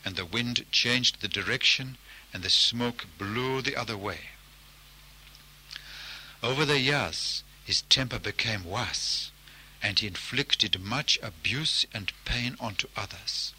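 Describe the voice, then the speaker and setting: A man narrating a folk tale in a measured, deliberate storytelling style. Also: medium pitch, sharp tone, husky, low-quality recording.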